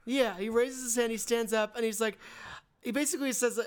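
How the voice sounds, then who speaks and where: A woman's voice: fairly high pitch, a little fast. A woman co-hosting a podcast, talking bluntly about a movie and swearing casually. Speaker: podcast co-host. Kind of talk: casual movie recap chat.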